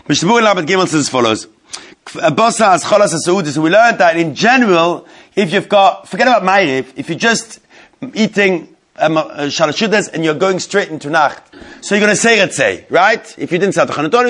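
A man in a rapid, somewhat high-pitched voice teaches a religious law class. He repeats his key points and keeps quizzing his listeners. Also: fairly bright tone. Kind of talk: Talmudic law lesson to a live group.

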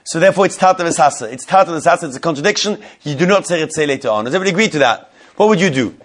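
A man in a rapid, somewhat high-pitched voice teaches a religious law class. He repeats his key points and keeps quizzing his listeners. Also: animated. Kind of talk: Talmudic law lesson to a live group.

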